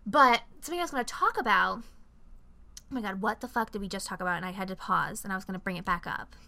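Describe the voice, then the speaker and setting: A young adult woman co-hosting a podcast, telling stories in an animated, profane, filler-heavy casual chat. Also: mid-range voice, fast talker, gravelly. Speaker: podcast co-host.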